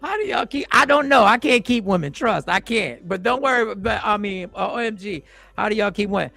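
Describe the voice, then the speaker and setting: A man hosting a casual group chat on a livestream, animated and joking, swearing freely. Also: sits high, a little fast, vocal fry, no room sound. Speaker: host.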